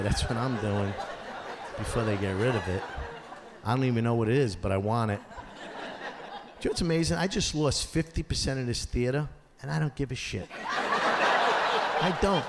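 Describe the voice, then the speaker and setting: A man performing a stand-up comedy set on stage, telling stories in an animated way and acting out the voices of the people in them. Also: medium pitch, fairly quick, long pauses. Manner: animated storytelling, acts out voices of others. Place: theater or school auditorium, live audience. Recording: live stage recording with long hall reverb and audience noise.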